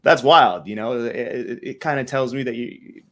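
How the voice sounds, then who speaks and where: A man's voice: mid-range voice, moderate pace, fairly bright tone. A man speaking as a panelist in a discussion, hesitant and full of fillers.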